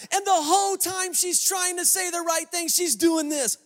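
A male pastor preaching a sermon, telling a story as a lively storyteller with joking asides to the congregation. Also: very high voice, moderate pace, few pauses. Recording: long reverb of a large hall.

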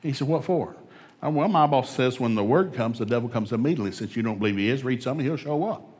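A middle-aged man preaching a sermon in a folksy, emphatic way, a former school administrator from Oklahoma who swings up to loud peaks. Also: medium pitch, expressive, fast. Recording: long hall reverb.

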